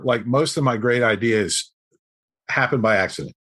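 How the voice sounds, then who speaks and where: A man as a podcast guest, telling a story in an animated, self-deprecating way. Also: mid-range voice, moderate pace, husky. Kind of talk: storytelling in conversation.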